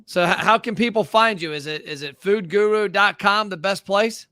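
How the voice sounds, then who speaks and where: A male podcast host with a bright, forceful tone and a slightly raised pitch. He chimes in with quick agreement and short questions. The sound is dry, close and free of room echo. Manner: brief agreeing replies. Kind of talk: casual interview.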